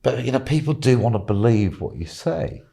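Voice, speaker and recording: A man's voice: medium pitch, very animated, normal speed, gravelly, dark tone. Rambling, chuckling male storyteller. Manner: rambling, chuckling, many "you know"s. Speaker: podcast guest. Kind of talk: casual anecdotal storytelling.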